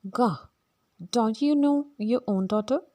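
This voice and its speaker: A woman doing a shrill cheeky Cockney flower girl. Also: slow. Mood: scornful. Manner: high and loud with put-on Cockney grammar.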